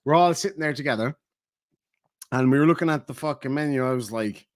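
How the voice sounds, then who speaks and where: A man's voice: on the high side, fast talker, no room sound, clean studio sound. A man telling a profane, sardonic story in a vlog rant. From Ireland. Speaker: YouTuber. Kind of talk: ranting vlog monologue.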